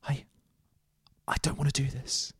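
A man voicing a frightened young cabin boy who speaks in a nervous, breathy whisper. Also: high-pitched, brisk, a little mellow, no room sound, studio quality, pitched above the performer's own voice.

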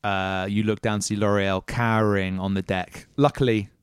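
A man narrating a tabletop game as game master, with measured storytelling and casual asides. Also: fairly low pitch, level tone, clear, resonant tone, dry recording, clean studio sound.

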